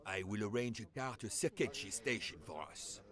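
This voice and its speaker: A man's voice: fairly low pitch, moderate pace, a bit bright, natural voice. An actor voicing a formal, polite male railway line director in a mystery game. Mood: courteous. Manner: formal, polite, eager to serve.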